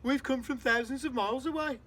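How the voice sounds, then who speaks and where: A man voicing a cheeky centipede shouting gleefully from on high. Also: huge pitch swings, brisk, slight background noise, full character voice. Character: cheeky grinning male centipede. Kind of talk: storybook read-aloud.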